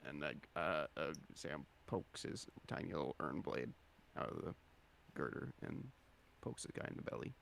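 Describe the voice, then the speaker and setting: A man's voice: extremely low pitch, sing-song, normal speed, creaky, a bit bright, slight background noise. A man playing in a tabletop game, hesitant and full of fillers. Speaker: player.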